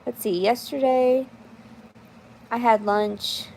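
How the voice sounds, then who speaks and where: A woman's voice: fairly high pitch, steady tone, slow, vocal fry, a little mellow, slight background noise. Blunt, swearing woman chatting on stream. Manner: blunt, profane, rambling, answers chat aloud. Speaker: livestreamer reading chat. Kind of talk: casual livestream chat.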